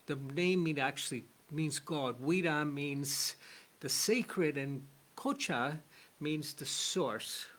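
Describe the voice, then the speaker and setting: A male spiritual teacher lectures in an earnest storytelling manner, weaving a parable into his lesson. His voice sits somewhat high, and he speaks at a slow pace. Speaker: shamanic teacher.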